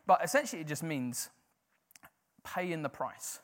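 A man's voice: a little high, normal speed, a bit bright. Informal, conversational male preacher. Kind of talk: sermon.

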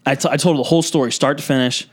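A man's voice: mid-range voice, steady tone, rapid-fire. A man in his twenties telling a story on a podcast, casual and profane, with lots of "like" and restarts. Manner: profane, rambling, full of "like". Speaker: podcast co-host. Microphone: podcast microphone.

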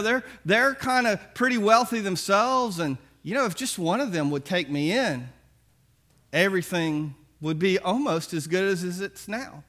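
A proud, lazy business manager who talks his way out of trouble, wheedling and folksy, as a preacher puts him on in a sermon. The voice sits bright and fairly high for a man. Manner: folksy, whining then wheedling.

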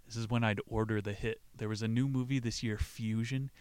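A man's voice: on the low side, flat delivery, normal speed, clear, resonant tone, no echo. A man hosting a podcast, retelling a play in a casual, profane way and laughing as he acts out the characters' lines. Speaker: podcast host.

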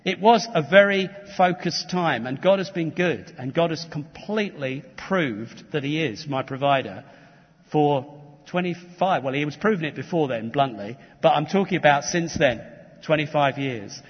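A man's voice: a little high, animated, moderate pace, breathy edge, in a large hall, lo-fi sound. A man from England preaching a sermon, earnest and emphatic, with restarts and asides. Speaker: pastor. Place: church hall.

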